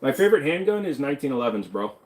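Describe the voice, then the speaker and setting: Man, livestream host, casual Q&A, rambling, swears a lot, mid-pitched voice. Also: very animated, racing, a little mellow. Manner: loose, rambling, swears freely. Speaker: livestream host answering chat questions.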